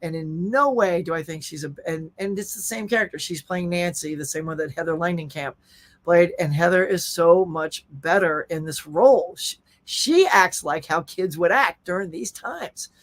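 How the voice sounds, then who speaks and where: A man's voice: on the high side, normal speed. A middle-aged man hosting a casual live stream, chatting animatedly and reading viewer comments aloud. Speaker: host.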